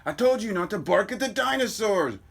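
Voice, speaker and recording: A man's voice: sits high, animated, fairly quick, gravelly, heavy background noise, voice pushed up. A man voicing a brash, impatient teenage boy superhero in a comic book reading. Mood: pleading. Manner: loud, exasperated.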